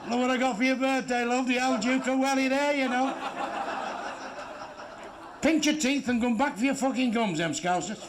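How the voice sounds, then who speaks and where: A man's voice: very high voice, moderate pace, long pauses. A man telling crude, profane jokes in a stand-up comedy routine, delivering blunt punchlines on a club stage. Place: club stage before a laughing audience. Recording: noisy live show recording.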